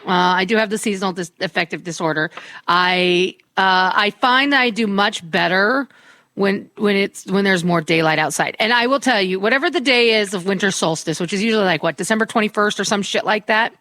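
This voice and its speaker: A woman co-hosting a talk show, chatting casually in a brash, animated way and swearing freely. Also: mid-range voice, fairly quick, dry recording. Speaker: radio show co-host.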